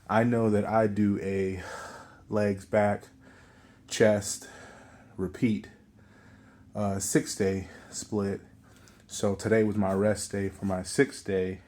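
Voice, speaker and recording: A man with a fairly low voice gives a casual vlog update on his workouts. He sounds a little winded and rambles, with lots of fillers and restarts. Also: darkish tone. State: slightly out of breath. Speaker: vlogger.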